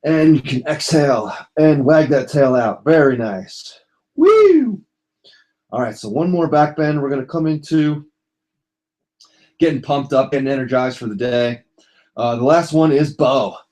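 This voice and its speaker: A young man talks a viewer through a short yoga routine from the floor. His delivery is relaxed and jokey, slipping in goofy asides between breathing cues. His voice sits at an ordinary middle pitch. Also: moderate pace. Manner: jokey, loose and playful, with silly asides. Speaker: yoga instructor. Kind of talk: casual yoga class instruction. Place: indoors on a floor.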